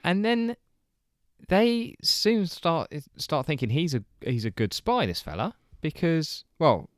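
A man's voice: on the high side, big pitch swings, slow pace, no echo. A man co-hosts a podcast, spinning a story in a loose, amused way and chuckling between phrases. His voice swings up and down a lot. The sound is dry and close. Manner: rambling, amused, laughs while telling. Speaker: podcast co-host. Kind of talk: casual storytelling chat.

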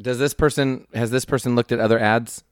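A man's voice: medium pitch, steady tone, brisk, clean tone, dry recording, studio quality. A man co-hosting a casual podcast, teasing his friends and laughing often. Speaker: podcast co-host. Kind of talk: casual chat.

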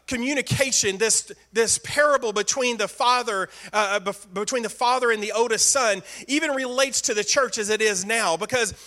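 A male pastor delivering a sermon with earnest emphasis and repeated phrases. His voice sits high and comes across bright and forceful.

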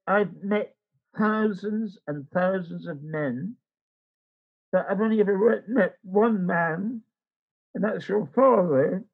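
A man's voice: sits high, breathy edge, phone-quality sound. An older man telling a rambling personal story in casual chat, acting out the voices of the people in it. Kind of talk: casual anecdote.

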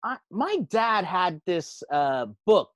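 A man's voice: sits high, very animated, slow pace, a bit bright, dry recording. A man guesting on a casual podcast chat, laid-back and teasing, slightly buzzed from beer. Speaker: guest, comic book writer.

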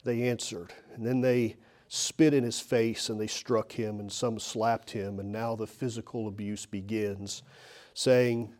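A man's voice: fairly low pitch, flat delivery, unhurried, a little mellow. A man preaching a sermon as pastor, telling the story with emphatic, rising and falling delivery. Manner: emphatic storytelling, voice rises and falls.

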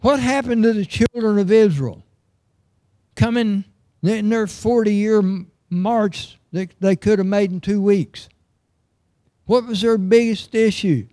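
A man's voice: sits high, takes it slowly, mellow, dry recording, studio quality. A middle-aged man preaching a sermon, earnest and emphatic, reading scripture aloud.

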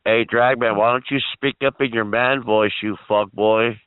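A man's voice: lowish voice, fairly even intonation, moderate pace, smooth, dry recording. Taunting man on a tinny phone line. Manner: taunting, mocking, profane. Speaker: radio show host. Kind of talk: crude insult-laden call-in banter.

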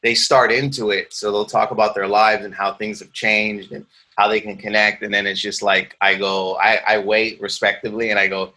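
A Canadian man, an actor, talking casually in an interview and acting out quoted exchanges with lively laughs. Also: on the low side, moderate pace. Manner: animated storyteller, acts out quoted exchanges, laughs often. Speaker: actor guest.

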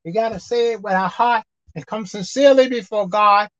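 A woman preacher delivering a sermon, swinging between loud emphatic outbursts and quiet asides. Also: medium pitch, a little fast, no room sound. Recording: dull lo-fi dry sound.

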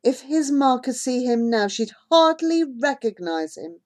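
A woman narrating an audiobook in an expressive, unhurried storytelling manner. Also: high-pitched. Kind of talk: audiobook reading.

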